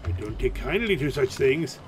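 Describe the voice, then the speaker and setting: A man's voice: medium pitch, big pitch swings, normal speed, loud music behind the voice. A man giving casual, playful let's-play commentary, goofing around with silly sound effects. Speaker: gaming channel host.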